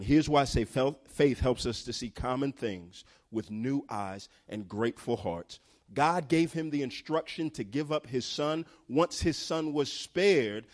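A man's voice: mid-range voice, measured pace, a little mellow. Emphatic male preacher. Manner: emphatic, builds in intensity. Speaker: pastor. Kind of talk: sermon.

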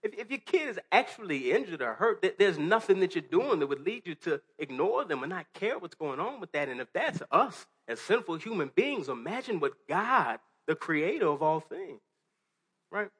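A man's voice: high-pitched, sing-song, normal speed, a bit bright, breathy edge. A man preaching a sermon to a congregation, talking earnestly and conversationally with restarts and rhetorical questions. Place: church hall before a congregation.

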